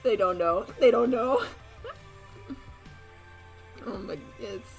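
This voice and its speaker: A woman's voice: medium pitch, slow pace, soft background music, poor audio. A young woman streaming while she draws, chatting casually and telling stories with lots of laughter and mock voices. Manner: giggly, animated storytelling with frequent laughter and mock voices. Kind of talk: casual livestream chat while drawing.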